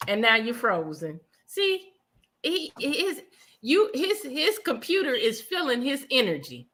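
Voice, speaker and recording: Female stream co-host, bright animated voice, quick to tease and laugh, over a video call. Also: high-pitched. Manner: teasing, playful, laughs often. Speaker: co-host of a live online telethon stream. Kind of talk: casual banter on a livestream.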